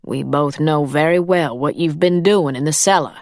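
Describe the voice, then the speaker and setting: A woman's voice: sits low, normal speed, darkish tone, dry recording, clean studio sound. A woman voicing a cool, firm wealthy employer.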